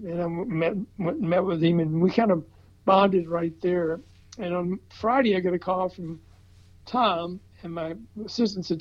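An older man from the American South, telling an animated story in casual chat with chuckles and restarts. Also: sits high, measured pace. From Southern United States. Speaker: record promotion veteran telling a story. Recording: slightly dull, muffled recording.

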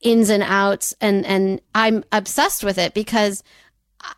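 A woman co-hosting a podcast, telling a story in a chatty, animated way with jokey asides and frequent laughs. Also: mid-range voice, unhurried, clear, resonant tone, no echo, studio quality. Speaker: podcast co-host. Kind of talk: casual storytelling chat.

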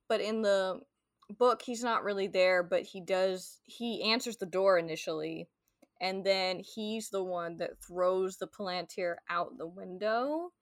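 A woman's voice: mid-range voice, measured pace, a bit bright, no room sound, studio quality. A woman co-hosting a podcast in casual chat, talking loosely with lots of filler words and playful paraphrases. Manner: chatty, heavy on "like" fillers, paraphrases characters playfully. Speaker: podcast co-host.

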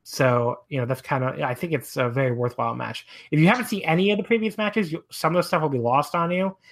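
On a wrestling podcast, a male co-host rambles casually at a quick clip, his slightly bright voice shooting up in pitch whenever he gets exasperated.

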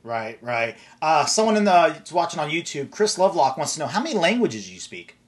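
A man's voice: on the high side, big pitch swings, brisk. An American man hosting a casual interview, easygoing, laughing often and reading out viewer questions. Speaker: host.

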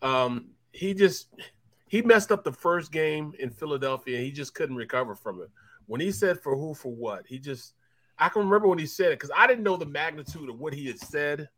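A man's voice: a little high, expressive, brisk, fairly bright tone, no room sound. A man who used to play football, co-hosting a sports talk show and telling long rambling stories with lots of repeats. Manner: rambling storyteller, repeats himself. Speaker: co-host, former football player.

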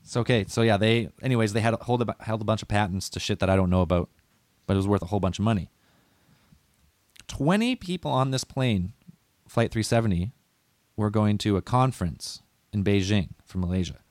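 A man with a low voice rambles through a casual podcast chat, swearing freely and losing track of his notes. He sounds close and dry, with no room around him. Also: fairly quick, darkish tone, dry recording. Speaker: podcast host.

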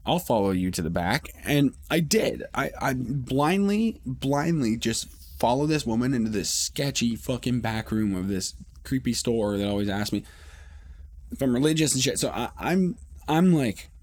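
A man's voice: mid-range voice, lively intonation, measured pace, a little mellow. A man hosting a podcast, telling a rambling, profane story in casual monologue with many restarts. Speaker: podcast host.

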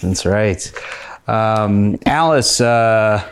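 A man's voice: on the low side, very slow, a little hiss or hum. A man in his thirties hosting a casual comedy podcast, easygoing and hesitant, with plenty of ums and uhs. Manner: easygoing, hesitant with many fillers. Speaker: podcast host.

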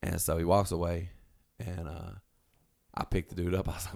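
Low, gravelly male storyteller, animated, profane, jumps into character voices. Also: normal speed. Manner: animated, swearing, acts out quotes in raised voices. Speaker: storyteller guest. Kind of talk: casual storytelling.

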